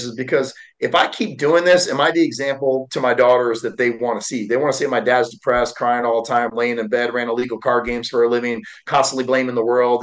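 A man's voice: medium pitch, rough recording. Man in his 40s, motivational guest, emotional storytelling, lots of "you know" and "uh". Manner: candid and heartfelt, with frequent fillers. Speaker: guest, motivational speaker and author.

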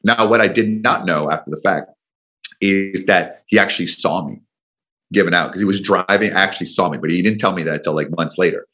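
A man's voice: low voice, fairly quick, sharp tone. A man, a business coach and guest, telling a long personal story in an interview with frequent restarts and repeated words. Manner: rambling anecdotes with frequent restarts.

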